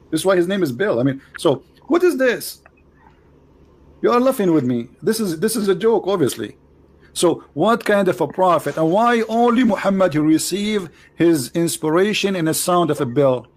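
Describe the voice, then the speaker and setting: A man hosting a debate with a caller, teasing and mocking, repeating himself and swinging between loud jabs and low asides. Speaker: show host debating a caller.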